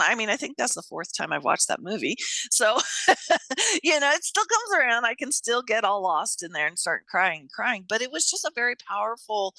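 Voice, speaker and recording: Lively, bright-voiced chatty woman host. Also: mid-range voice, gravelly, no room sound. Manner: chatty storyteller, laughs often, acts out quotes. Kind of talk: casual interview chat.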